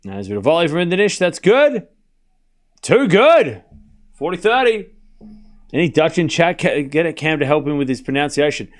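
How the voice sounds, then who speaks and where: A man with an Australian accent hosts a live tennis watchalong, calling each point as it happens. His voice sits a touch high and swings up and down a lot. He keeps it casual and chatty and laughs easily at his own slips. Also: animated, fast, faint music behind. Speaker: stream host calling scores.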